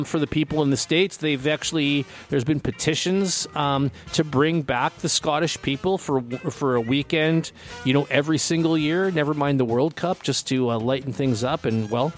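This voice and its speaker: A Canadian man hosting a radio show in a casual, rambling chat full of fillers and restarts. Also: mid-range voice. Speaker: radio host.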